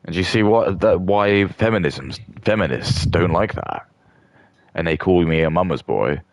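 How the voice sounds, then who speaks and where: Brief: man, extremely low, crackly voice, dry sound, crude rambling rant. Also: animated, a little slow, no room sound. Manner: rambling, crude, with many restarts and fillers. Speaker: streamer. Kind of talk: mock rant commentary.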